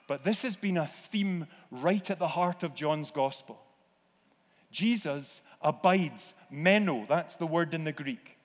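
A man preaching a sermon in a church, slow and deliberate, sometimes acting out voices. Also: on the high side. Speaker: pastor. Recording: long reverb of a church hall.

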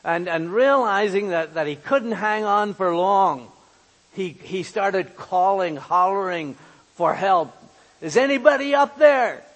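A pastor delivering a sermon in an unhurried, earnest way, often doubling back on his words. His voice sits high for a man, and a long hall echo trails behind every phrase. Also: a bit bright. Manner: earnest, repeats words while finding them.

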